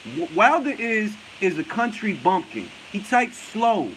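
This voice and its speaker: Brief: New York-accented male boxing talk host, lively high voice, blunt and profane, laughs a lot. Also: unhurried, slight background noise, low-quality recording. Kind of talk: casual commentary, answering viewer comments.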